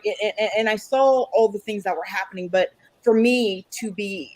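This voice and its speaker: Reflective woman, measured speech. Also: a little high, no echo, rough recording. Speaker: guest. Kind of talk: casual chat.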